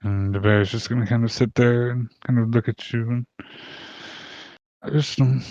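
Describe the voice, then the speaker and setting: A man running an online tabletop game as game master, talking in a relaxed, rambling way with many fillers. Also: mid-range voice, moderate pace, no room sound, muffled recording.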